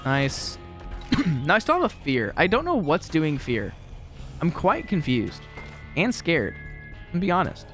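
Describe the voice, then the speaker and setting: A man's voice: fairly high pitch, huge pitch swings, measured pace, pauses often, fairly bright tone, faint music behind. A young man casually commenting on his gameplay from a room at home, rambling and chatty with a self-deprecating manner. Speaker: gaming commentator.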